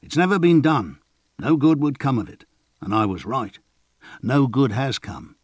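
A man voicing a gruff older male retainer who scolds and grumbles, in a storybook reading. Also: medium pitch, very animated, unhurried, no room sound, pitched above the performer's own voice. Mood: scolding.

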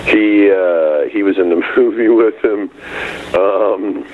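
A man's voice: lowish voice, slow, highs cut off, a little hiss or hum. A man co-hosting a casual talk show, bantering playfully and slipping into mock voices. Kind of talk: casual banter, jokey tangents.

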